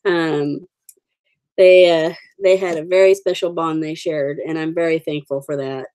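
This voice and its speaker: A woman's voice: low-pitched, fairly even intonation, measured pace, a little mellow. A woman in her forties hosting a casual livestream, chatting with viewers in a rambling, friendly way with many fillers. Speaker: livestream host. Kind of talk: casual live chat with viewers.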